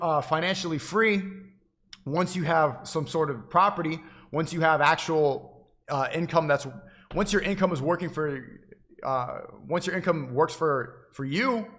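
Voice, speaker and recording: A man's voice: a little high, moderate pace, fairly bright tone. A man livestreaming, giving an insistent, preachy monologue to his chat, often repeating and restarting his phrases.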